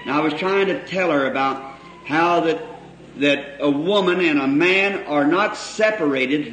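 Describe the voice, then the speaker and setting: A man preaches to a congregation in a church hall, his slightly high, somewhat bright voice taking its time. He tells stories in a folksy way, drawing out phrases and chuckling between lines, captured on an echoey old hall recording with faint hiss.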